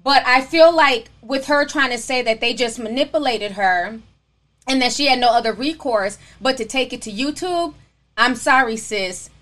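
Woman livestreamer, high voice, bright and sharp, sassy casual talk, calls everyone honey. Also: normal speed. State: coughing. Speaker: livestream host reading super chats.

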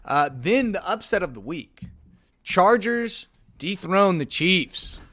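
A man's voice: sits high, very animated, slow pace, fairly bright tone. A man hosting a casual solo sports podcast, rambling with sarcastic asides.

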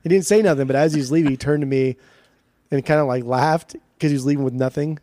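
A man co-hosting a podcast, telling a swearing, animated story in casual chat. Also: a little high, fast, no echo, clean studio sound. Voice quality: profane, animated storytelling with quoted dialogue. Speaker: podcast co-host and record show organizer.

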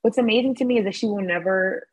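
Talking fast in a medium-pitched, slightly rough voice, this podcast guest chats casually with blunt sass, frequently acting out what others said in mock voices. The recording itself sounds rough.

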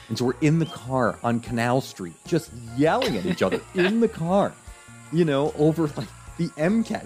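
A man appearing as a podcast guest tells a personal story in a casual, animated way, acting out his parents' voices. His voice is fairly high in pitch.

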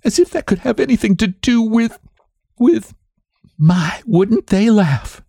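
A male reader voicing a timid, frightened sheriff's wife who speaks in a hushed, halting way. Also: high-pitched, expressive, gravelly, no room sound, studio quality, pitched above the performer's own voice, exaggerated voice. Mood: nervous.

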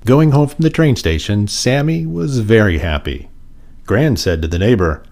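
A man reading a children's picture book aloud in an expressive, sing-song way. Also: fairly low pitch, normal speed. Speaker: storyteller.

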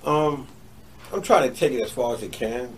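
A man's voice: mid-range voice, expressive, moderate pace. A man being interviewed as a comedian, talking casually, repeating himself and agreeing eagerly. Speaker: comedian guest. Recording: distant mic, faint background noise.

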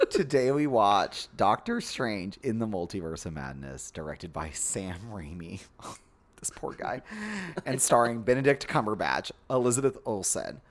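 A man's voice: on the low side, lively intonation, measured pace. A man co-hosting a podcast in casual chat, dramatic and campy, often exasperated. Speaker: podcast co-host.

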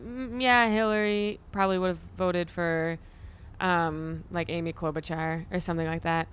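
A young woman in casual conversation with a smooth, resonant voice sitting a bit low. She rambles through her stories, swears freely and laughs along as she goes. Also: steady tone, moderate pace, fairly bright tone. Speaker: comedian and podcast host. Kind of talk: casual chat.

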